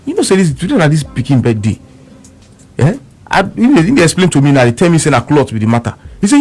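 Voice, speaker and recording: A man's voice: on the high side, sing-song, fast, a little mellow, husky. A man speaking with a Nigerian Pidgin accent, telling a story on radio with emphatic repeats and quoted back-and-forth. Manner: emphatic, repeats words, quotes both sides of an argument.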